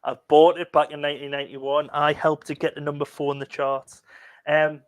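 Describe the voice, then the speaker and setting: A man's voice: a little high, flat delivery, fairly quick. Rambling, eager man. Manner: enthusiastic, rambling storyteller. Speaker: co-host. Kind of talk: casual live-stream chat.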